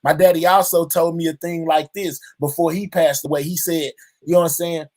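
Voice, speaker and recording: A man's voice: a little high, level tone, brisk, a little mellow. A man hosting his own channel, speaking openly and reflectively to his viewers and filling his talk with constant verbal tics. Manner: drawling, fills nearly every line with "you know what I'm saying". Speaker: channel host. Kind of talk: heartfelt personal monologue to viewers.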